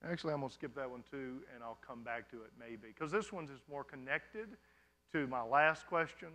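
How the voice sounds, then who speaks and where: Bright-voiced male pastor, conversational. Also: mid-range voice, normal speed. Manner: conversational, often checking in with "you understand?". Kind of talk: sermon Q&A.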